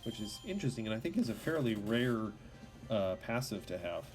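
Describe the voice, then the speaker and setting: A male streamer chats casually over his live gameplay, stumbling and correcting himself as he goes. His voice sits a little low, and his relaxed, rambling delivery feels unscripted. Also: brisk, soft background music. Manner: casual, chatty, with fillers and self-corrections.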